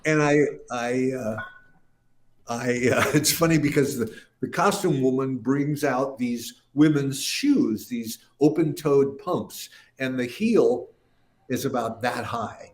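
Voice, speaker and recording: A man's voice: mid-range voice, slow. An older man, a musician guest, telling a rambling anecdote in casual talk and acting out the voices of people he quotes. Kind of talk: casual storytelling interview.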